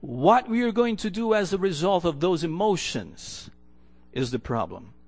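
A man's voice: high-pitched, very animated, a little slow. A man preaching a sermon in an earnest, storytelling way, often restarting his phrases. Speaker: pastor.

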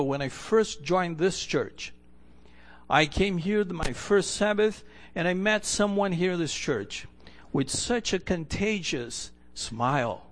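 A male pastor preaching a sermon in a church, earnest, repeating key phrases for emphasis and letting the ends of lines fall to a hush. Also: fairly high pitch.

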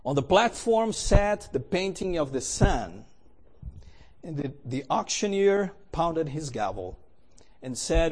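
A man's voice: fairly high pitch, animated, slow pace, long pauses, darkish tone, husky. A man telling a story in a sermon, with a dramatic and emphatic delivery. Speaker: preacher.

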